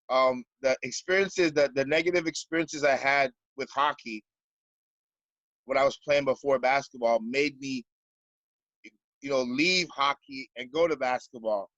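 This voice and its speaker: A man's voice: mid-range voice, a bit bright, no echo, dull audio. A Canadian basketball coach in a podcast interview, speaking earnestly and stumbling over repeated words as he searches for them.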